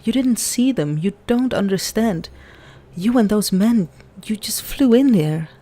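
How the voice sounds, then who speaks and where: A woman's voice: fairly low pitch, unhurried, dark tone. A woman voicing a frightened young woman, haunted and pleading, read from a game. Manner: fearful, pleading.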